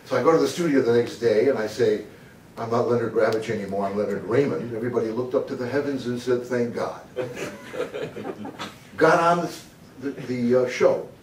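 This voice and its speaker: An older man from the United States gives an animated storytelling talk on humor, laughing at his own jokes and sometimes slipping into a booming announcer voice. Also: brisk, slight background noise. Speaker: motivational humor speaker. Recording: echoey hall, mic at a distance.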